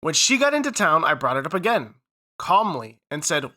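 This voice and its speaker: A man's voice: a little high, sing-song, normal speed, pushed and bright. A man co-hosting a podcast, reading a story aloud and then chatting casually with some swearing. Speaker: podcast co-host.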